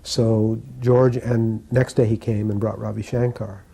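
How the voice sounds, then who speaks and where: Husky, dark-voiced older man reminiscing. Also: fairly low pitch, little pitch movement. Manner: unhurried, reflective storytelling with pauses. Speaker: devotee recalling memories. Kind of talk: spoken personal reminiscence.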